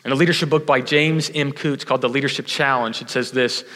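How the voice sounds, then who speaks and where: A man's voice: mid-range voice, fairly even intonation, fast talker, sharp tone, big-room sound. A man from Houston preaching a sermon, telling a self-deprecating story and acting out the voices of the people in it. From Houston, Texas. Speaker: pastor.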